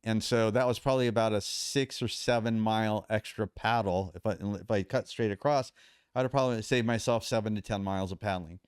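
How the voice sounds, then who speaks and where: A man with a low, smooth, resonant voice tells a story as a podcast guest, acting out what people said. The sound is dry and close, with no room around it. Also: brisk, no room sound. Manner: animated storyteller, acts out quoted dialogue. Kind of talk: casual storytelling.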